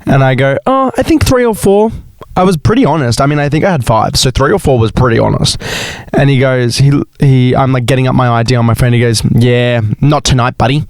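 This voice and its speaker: A young man, hosting a podcast and telling a story in a chatty, dramatic way, sometimes jumping into high sing-song exclamations. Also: a little mellow, no room sound. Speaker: podcast host. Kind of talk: casual storytelling monologue.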